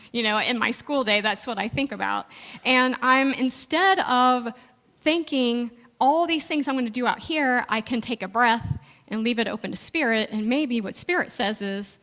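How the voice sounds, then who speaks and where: Bright-voiced woman preaching a sermon. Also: fairly high pitch, in a large hall. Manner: conversational preaching, slowing down for emphasis. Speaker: reverend.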